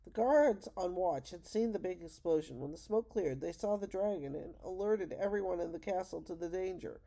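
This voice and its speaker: Gentle older grandmother reading aloud. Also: on the low side, moderate pace, gravelly. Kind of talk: read-aloud storybook narration.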